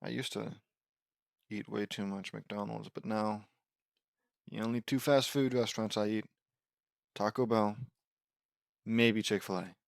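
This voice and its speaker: A man's voice: fairly low pitch, fairly even intonation, unhurried, gravelly, pauses often, no room sound, studio quality. Rambling man reading fan fiction. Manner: rambling, self-deprecating, easily sidetracked. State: sore throat. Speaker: fan fiction audiobook reader.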